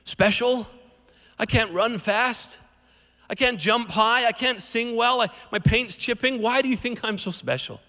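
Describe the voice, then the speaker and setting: A man's voice: extremely high pitch, a little slow, bright, forceful tone, pitched above the performer's own voice, heavily acted. A man doing a doubting little wooden puppet. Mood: doubtful. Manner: plaintive, questioning. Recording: echoey hall reverb.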